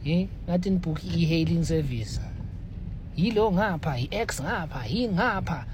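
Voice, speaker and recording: A man's voice: on the high side, animated, moderate pace. A South African man leaving a joking, exuberant voice note from his car. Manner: exuberant, joking, mixing languages. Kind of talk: casual voice note. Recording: phone voice note with car noise.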